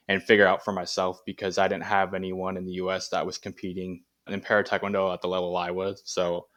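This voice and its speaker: Brief: laid-back athlete guest, low voice, casual and rambling. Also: male voice. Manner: relaxed, rambling with many fillers. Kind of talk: casual interview chat.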